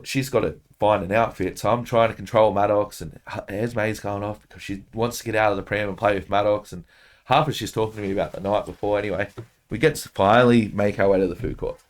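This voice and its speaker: An Australian man with a fairly low voice tells a long, animated story on a podcast. He swears nonstop and the talk stays loose and casual. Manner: profane, animated, swears constantly. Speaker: podcast guest.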